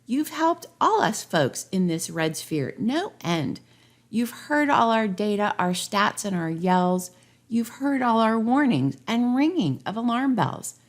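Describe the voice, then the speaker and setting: A woman's voice: fairly high pitch, big pitch swings, slow pace, voice pushed up. A woman voicing a tiny, polite director speaking from inside a red sphere in a rhyming storybook parody.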